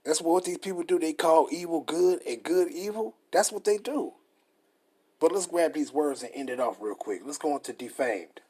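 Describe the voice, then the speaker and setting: Husky-voiced emphatic male preacher. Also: a little high, expressive, moderate pace, darkish tone. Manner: emphatic, repetitive, reads definitions aloud. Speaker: street preacher. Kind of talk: scripture study sermon.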